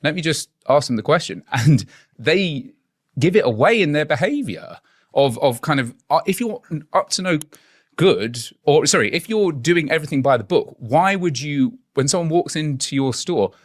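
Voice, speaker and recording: A man's voice: fairly high pitch, sing-song, normal speed, no room sound, studio quality. A man from England, a guest investigator, speaking in an earnest, probing way in a conversational interview.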